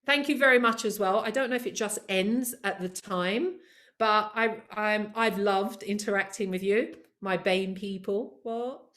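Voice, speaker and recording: A woman presenting a live online training session over a video call, lively and encouraging, talking straight to her attendees. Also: mid-range voice, unhurried. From of Caribbean heritage. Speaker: workshop presenter.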